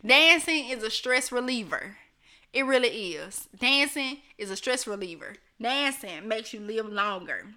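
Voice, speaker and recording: Chatty woman stream host, high and very bright voice, talks right to the viewers. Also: expressive, measured pace. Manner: chatty, laughs often, talks straight to viewers. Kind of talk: casual live chat reading comments.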